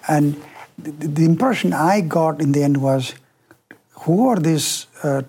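A man's voice: fairly high pitch, measured pace, mellow, breathy edge. A man interviewing a guest, speaking hesitantly and searching for his words. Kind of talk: conversational interview.

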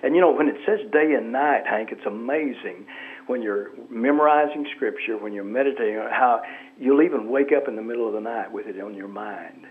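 A man's voice: medium pitch, fairly quick. Male guest pastor on a phone line, tinny, earnest, reflective. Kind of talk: radio interview by phone.

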